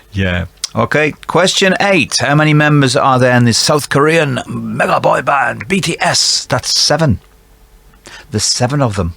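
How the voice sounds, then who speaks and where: A man's voice: fairly low pitch, vocal fry, a bit bright, no room sound. A man hosting a quiz and reading out the answers in a jokey, chatty way, with playful asides. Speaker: quiz host for a care provider.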